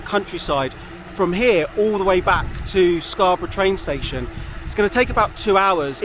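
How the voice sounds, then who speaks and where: A man's voice: sits high, fairly bright tone, a little hiss or hum. Upbeat southern English man outdoors. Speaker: cycling vlogger. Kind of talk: casual chat to camera. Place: outdoors, riding trails and roads.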